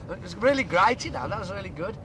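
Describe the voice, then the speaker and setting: A young band member tells stories in a chatty, laughing way, his voice sitting high. The old radio tape is noisy, with the rumble of a moving vehicle under him. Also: big pitch swings, racing. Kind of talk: casual anecdote chat.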